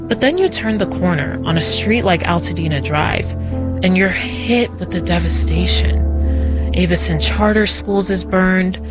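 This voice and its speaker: A woman reporter reading a scripted news narration in a measured, clear delivery. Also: fairly low pitch, music in the background.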